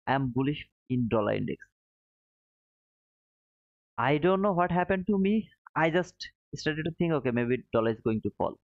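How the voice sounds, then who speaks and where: A man's voice: mid-range voice, dry recording. Live trading streamer, male, self-critical and apologetic, dry phone-like sound. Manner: apologetic, self-critical, frequent restarts, non-native phrasing. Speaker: livestream trading host. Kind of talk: live-stream chat to viewers.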